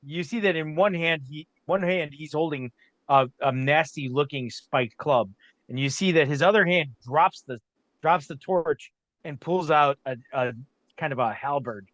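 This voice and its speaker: A man runs a tabletop game, describing the scene slowly and deliberately. His voice sits a little higher than most men's and is recorded close and dry. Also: a bit bright, dry recording, dull audio. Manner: unhurried, with frequent restarts. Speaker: game master.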